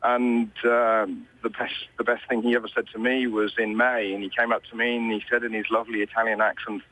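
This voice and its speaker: A man's voice: mid-range voice, little pitch movement, brisk, bright, forceful tone, a little hiss or hum, low-quality recording. A British man, a motorsport commentator, talking in a conversational way with frequent restarts during a news interview. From Britain.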